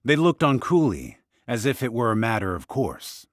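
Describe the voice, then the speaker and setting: An expressive male audiobook narrator reads at a moderate pace in a medium-pitched voice. The recording is dry, with clean studio sound.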